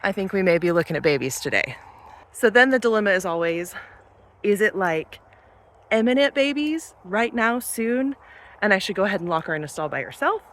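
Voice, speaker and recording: Chatty farm woman with a lively voice. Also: medium pitch, brisk. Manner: chatty, talks sweetly to animals. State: out of breath at times. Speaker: farm vlogger. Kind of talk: casual vlog narration while doing chores. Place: outdoors and in barns on a small farm. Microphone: handheld camera, she films herself.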